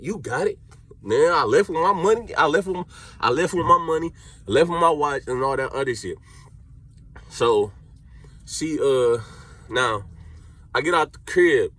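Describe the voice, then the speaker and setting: This breathy, high-leaning male voice belongs to a young Cleveland man telling an animated street-slang story and acting out people's words.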